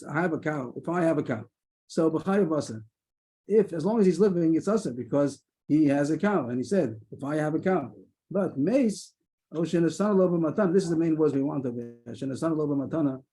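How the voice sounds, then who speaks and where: A man's voice: fairly high pitch, mellow. A man leading a Talmud study session over a video call, thinking aloud with frequent restarts. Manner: hesitant, many restarts, quick asides. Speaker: Talmud lesson leader.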